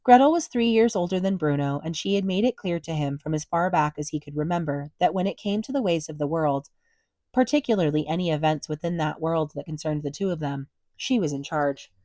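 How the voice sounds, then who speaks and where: Female reader for a chapter book: low voice, calm and even, dry close sound. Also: brisk, no room sound. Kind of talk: reading a novel aloud.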